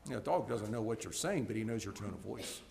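A man preaching a sermon to a congregation. He swings between loud, emphatic peaks and low, soft stretches, and often repeats words as he restarts. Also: animated, fast talker, gravelly, background noise.

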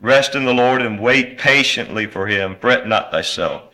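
A man preaching a sermon in a slow, earnest way, reading scripture aloud and rising to emphatic peaks. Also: mid-range voice, sharp tone, rough recording. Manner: reads scripture in old-style wording. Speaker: pastor.

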